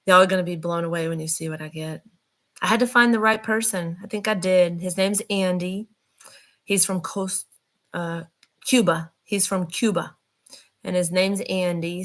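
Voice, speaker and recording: A woman's voice: fairly low pitch, steady tone, normal speed, fairly bright tone. Woman, vlog host, rambling casual chat, talks right to viewers. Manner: chatty, rambling, addresses viewers directly. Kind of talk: casual talk to camera.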